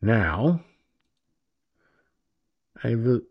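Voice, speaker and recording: Talk radio guy going on and on, sarcastic, slow, pitch all over, lo-fi sound. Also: very animated, breathy edge. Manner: rambling, sarcastic, repeats himself. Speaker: internet radio talk show host. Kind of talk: opinionated political monologue.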